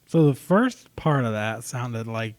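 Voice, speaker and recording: A man's voice: mid-range voice, animated, measured pace, no room sound. A man co-hosting a casual podcast, teasing his friend and offering offhand readings of song lyrics. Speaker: podcast co-host.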